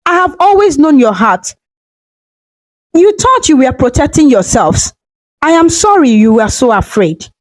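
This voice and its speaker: Brief: woman reading a frail, forgiving old mother, soft-spoken, high and lilting. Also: sing-song, a little slow, poor audio. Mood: tender. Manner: soft, whispery.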